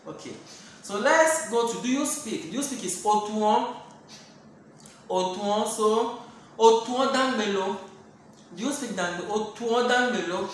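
Slow, patient teacher. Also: mid-range voice, fairly bright tone. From Ghana. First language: Dangme. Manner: repeats each phrase slowly, explains patiently. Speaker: language teacher. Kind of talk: online language lesson. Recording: very echoey room, faint hiss.

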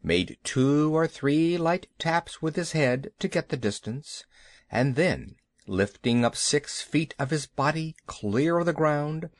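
Unhurried, expressive storybook narrator, man. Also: medium pitch, no room sound. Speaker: audiobook narrator.

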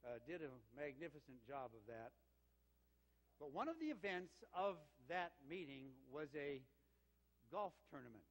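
A man's voice: a little high, measured pace. An older man, an interim senior pastor, telling a story in a sermon with anecdotes. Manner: warm storytelling with lively quoted exchanges. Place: church sanctuary. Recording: reverberant church sanctuary.

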